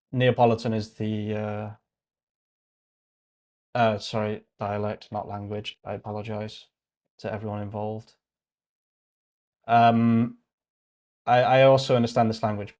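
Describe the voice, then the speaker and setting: His voice is mid-range and a little mellow, with a British accent. The man thinks out loud on a casual livestream, muttering and wandering off-topic as he works and catching his own slips.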